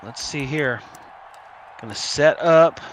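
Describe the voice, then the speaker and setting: A man casting a college esports football match live, excitable, joking, and shouting on big plays. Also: on the high side, takes it slowly, a crowd in the background. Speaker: esports caster. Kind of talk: live play-by-play commentary on a video game stream.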